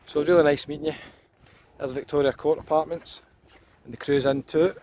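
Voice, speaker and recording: A Scottish man with a slightly high voice gives easygoing walking commentary outdoors, talking into a handheld camera as he strolls. Clear traffic and street noise run behind him. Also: normal speed. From Scotland. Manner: chatty, relaxed tour guide, pointing out places as he walks. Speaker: walking tour vlogger. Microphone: handheld camera while walking. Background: outdoor traffic and street ambience.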